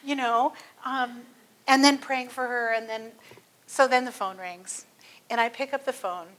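A woman with a high, bright voice teaches a church class. She tells her own stories in a loose, chatty way, full of little fillers. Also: fairly even intonation, measured pace. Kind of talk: teaching talk with personal stories.

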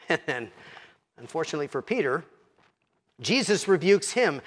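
A man preaching a sermon as pastor, slowing down and dropping to a hush when quoting scripture. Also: a little high. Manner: expressive, slows and drops to a hush for quoted scripture.

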